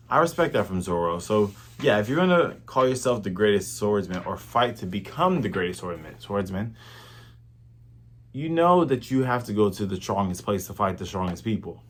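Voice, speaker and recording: A man casually recapping a manga chapter, retelling it with lively energy and acting out the characters. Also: lowish voice, moderate pace. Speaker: manga reviewer.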